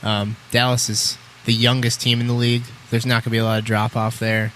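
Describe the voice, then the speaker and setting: A man's voice: medium pitch, monotone, a little fast, a bit bright, slight background noise. A man co-hosting a sports podcast, arguing his picks in earnest. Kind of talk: casual sports chat.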